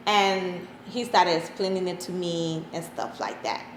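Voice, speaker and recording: A woman in her thirties answering interview questions, hesitant, with many pauses and restarts. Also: on the low side. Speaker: interviewee, mother of an autistic son. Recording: echoey room, faint background noise.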